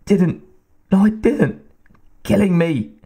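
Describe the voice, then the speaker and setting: A man's voice: medium pitch, moderate pace, darkish tone, close to an everyday voice. A man voicing a frightened young woman officer under attack, pleading and breathless. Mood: panicked.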